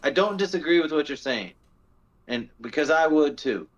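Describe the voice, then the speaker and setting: A man's voice: fairly high pitch, expressive, normal speed, dull audio. A man co-hosting a podcast, telling stories in casual chat with plenty of fillers and restarts. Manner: rambling storytelling, many fillers and restarts. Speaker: podcast co-host. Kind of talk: casual discussion.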